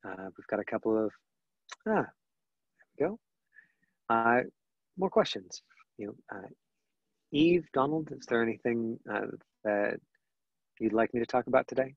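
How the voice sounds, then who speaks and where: A man's voice: mid-range voice, expressive, normal speed, gravelly, long pauses, no room sound, lo-fi sound. A man teaching acting in an online question-and-answer session, talking conversationally with many fillers and restarts. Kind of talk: online Q&A lesson.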